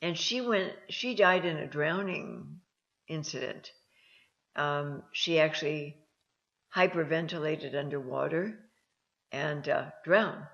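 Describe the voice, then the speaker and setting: A woman host telling personal stories about near-death experiences in a slow, halting way, with frequent ums and restarts. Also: low-pitched, a bit bright. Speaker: host and counselor. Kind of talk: personal storytelling talk. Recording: dull lo-fi sound.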